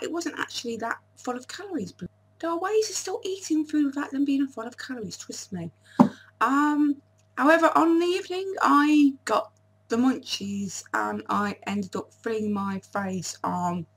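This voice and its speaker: Husky woman chatting through her diet. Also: a little high. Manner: chatty, stumbling restarts and self-deprecating asides. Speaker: vlogger. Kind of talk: casual diet vlog to camera.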